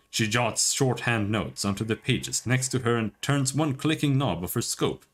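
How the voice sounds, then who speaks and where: A man's voice: mid-range voice, lively intonation, moderate pace, hardly any pauses. A man narrating a game aloud on a stream, with a dramatic storytelling delivery.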